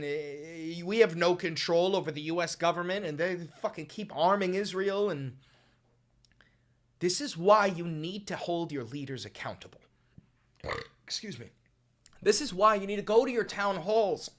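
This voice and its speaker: A male commentator reacts with passion, swinging between yelling and quiet talk into a desk mic. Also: a little high. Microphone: desk microphone.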